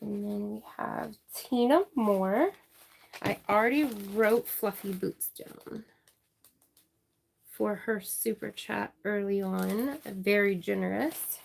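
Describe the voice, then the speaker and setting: A woman hosting a crafting livestream, chatting casually, reading viewer names and thanking them warmly. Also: medium pitch, creaky, a little hiss or hum. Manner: warm, chatty, apologetic, reading out names slowly.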